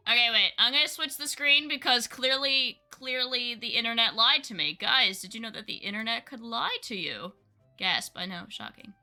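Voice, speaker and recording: Woman streamer, playful chatty commentary, bright tone, faint game music. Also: on the high side, moderate pace. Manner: playful, chatty asides to viewers. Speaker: gaming streamer.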